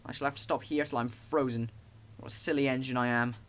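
A man's voice: medium pitch, fairly even intonation, fast, a bit bright, natural voice. A cheeky little tank engine with a boastful streak, as a man puts him on, puffing out his words and repeating them in sing-song chants. The voice sits in an ordinary middle range. It is told like a storybook. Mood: sad.

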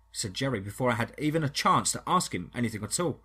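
A man narrating a first-person horror story in a steady, dramatic storytelling manner. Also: mid-range voice, fast talker, breathy edge.

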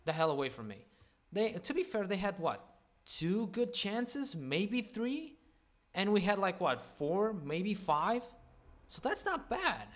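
Give me an excitable, swearing young man with a high voice. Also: unhurried. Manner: excitable, swears constantly, shouts at big moments. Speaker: gaming commentator. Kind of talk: casual gameplay commentary.

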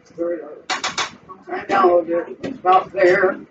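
A woman's voice: fairly low pitch, big pitch swings, normal speed. A woman hosting a casual cooking vlog in her home kitchen, chatting the viewer through each step. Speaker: cooking channel host. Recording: distant, dull, noisy home recording.

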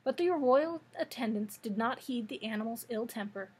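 Breathy woman reading a children's story. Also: a little high, normal speed, low-quality recording. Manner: steady storytelling narration. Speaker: librarian. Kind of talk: children's story read-aloud.

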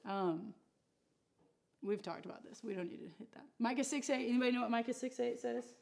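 A woman's voice: a little high, fairly quick, vocal fry, a little mellow, slight background noise. A woman teaching a Bible study class in a casual, joking way, with asides to the room. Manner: chatty and joking, with asides to the audience.

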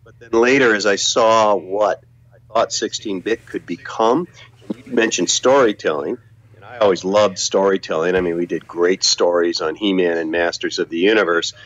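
An older man, a former business executive, recalling his career in a relaxed interview, full of anecdotes, repeated words and restarts. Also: deep voice, moderate pace, muffled recording. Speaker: guest, former video game executive.

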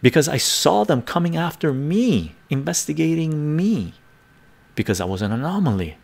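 A man's voice: fairly high pitch, very animated, creaky, darkish tone. A man hosting a live stream, telling a personal story in a casual, emphatic way and often checking in with his audience. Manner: talks fast in bursts, repeats "right?".

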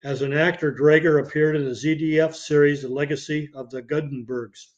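Man, podcast host, slightly high voice, reading obituaries steadily, occasional restarts, dull lo-fi sound. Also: steady tone, a little fast. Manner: reads dates and credits steadily, with occasional slips and restarts.

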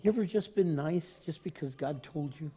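A man's voice: on the high side, normal speed, mellow, breathy edge. An older man, a pastor giving a sermon in a conversational, storytelling way.

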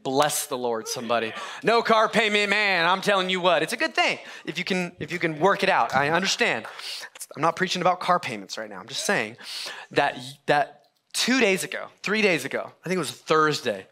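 A male pastor delivers a sermon in a church with a fairly high, bright, forceful voice. He tells his story in a casual, joking way, often stopping and restarting. His tone stays friendly and chatty from the pulpit. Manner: conversational, self-interrupting storytelling with humor. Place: church sanctuary.

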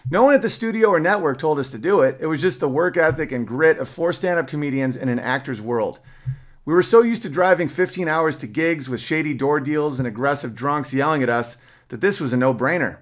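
A man hosting his podcast, reading his memoir aloud as a story, breaking off now and then with wry side remarks. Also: fairly high pitch. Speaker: podcast host.

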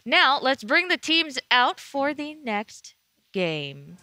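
A woman's voice: sits high, very animated, slow, pushed and bright, faint music behind. A woman hosting a live esports analysis panel in an upbeat, giggly way, steering the panel with questions. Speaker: esports desk host.

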